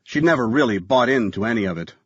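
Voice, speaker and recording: A man's voice: mid-range voice, expressive, fast, fairly bright tone, slightly rough, no room sound. Male audiobook narrator, tense thriller delivery, dull dry studio sound. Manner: tense thriller reading, voices characters.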